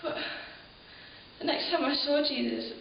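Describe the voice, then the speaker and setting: A woman's voice: high voice, measured pace, gravelly, exaggerated voice. A woman playing an ordinary townswoman who tells her eyewitness memory of the crucifixion as an earnest, emotional monologue, with small laughs and sighs. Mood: grieving. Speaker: eyewitness in a church program video. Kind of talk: dramatic first-person monologue. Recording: very echoey room, dull sound, faint hiss.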